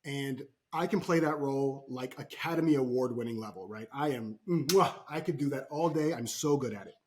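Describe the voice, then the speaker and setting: Brief: mid-pitched male coach, animated storyteller, podcast guest. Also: moderate pace, slight background noise. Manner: animated storytelling, frequent "right?" tags. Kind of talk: podcast interview.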